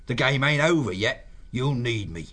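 A man's voice: medium pitch, expressive, normal speed. An actor playing a clever, sarcastic male woodland creature who mocks his partner. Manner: sarcastic, sharp. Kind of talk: audiobook character voice.

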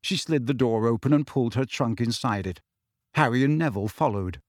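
A man reading a fantasy novel aloud in a steady, expressive storytelling manner. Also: medium pitch, fairly quick, no echo, clean studio sound. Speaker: audiobook narrator. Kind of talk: scripted fantasy novel narration.

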